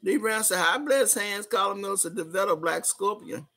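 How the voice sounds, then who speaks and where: A woman hosts her own livestream from home, reading viewers' comments aloud amid bursts of laughter. Her voice is bright and tense with a husky edge, and her delivery is loud and rowdy. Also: medium pitch, moderate pace. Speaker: livestream host.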